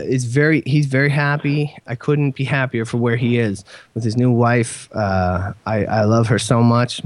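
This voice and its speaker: A man hosting a podcast, talking earnestly and at length, with halting restarts and casual swearing. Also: medium pitch, a little mellow, dry recording. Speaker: podcast host.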